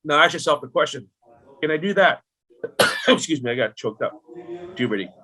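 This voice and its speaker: A middle-aged man explaining retirement planning as a podcast guest, lively and full of rhetorical questions aimed at the listener. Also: fairly high pitch, normal speed. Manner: animated, rhetorical questions, talks directly to the listener.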